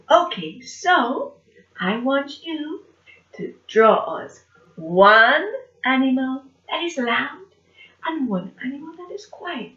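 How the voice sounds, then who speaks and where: A woman teacher giving an online lesson to young children, speaking slowly and clearly and going from whispers to shouts for effect, in an echoey room. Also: sits high, sing-song. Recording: echoey room, dull sound.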